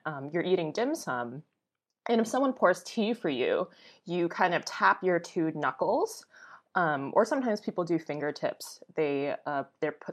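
A young woman, a travel blogger, chatting casually as a podcast guest, full of fillers and quick to laugh. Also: low voice. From United States. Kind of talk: casual conversation.

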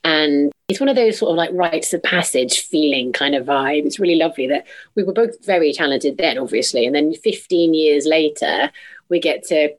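Guest: bubbly thirties actress, lowish voice, animated storyteller who acts out quotes. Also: female voice, normal speed. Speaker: musical theatre actress, guest. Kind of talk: casual interview chat.

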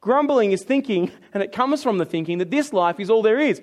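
A man preaching a sermon in an animated way, acting out complaining voices and dropping low and quiet for scripture readings. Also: fairly quick, few pauses.

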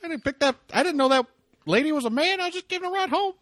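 A man putting on a shrill, squeaky falsetto voice as a joke character. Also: lively intonation, racing, fairly bright tone, no room sound, clean studio sound. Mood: squealing.

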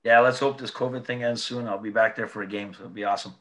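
A man, a former player, being interviewed and telling animated, laughing anecdotes in a casual way. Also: lowish voice, fast talker. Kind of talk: casual storytelling.

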